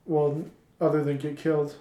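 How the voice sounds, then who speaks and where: A man's voice: a little high, monotone, normal speed, mellow, far from the mic, lo-fi sound. Hesitant man chatting in an echoey room. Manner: hesitant, many fillers and restarts. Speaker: podcast co-host. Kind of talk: casual chat. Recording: roomy echo.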